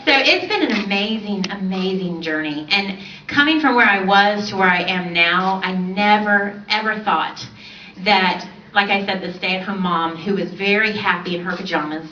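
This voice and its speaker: A woman in her thirties telling her personal story to an audience on a stage, animated and often laughing. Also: mid-range voice, normal speed. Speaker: conference speaker. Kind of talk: personal success story speech. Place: large event stage. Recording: roomy, distant, dull, slightly noisy.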